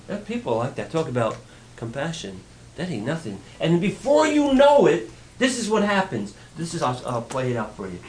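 A man's voice: a little high, wildly swooping pitch, normal speed, slight background noise. A male pastor giving a conversational, playful sermon, asking the congregation questions.

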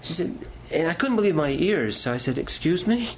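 A man's voice: a little high, expressive, a little fast, background noise. A middle-aged male pastor preaching a sermon, telling stories in a folksy way and asking the congregation questions.

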